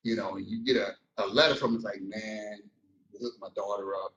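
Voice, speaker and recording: A man leading a motivational business training session, animated and preachy, talking straight to a room of listeners. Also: on the low side, brisk, lo-fi sound. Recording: echoey room from far off.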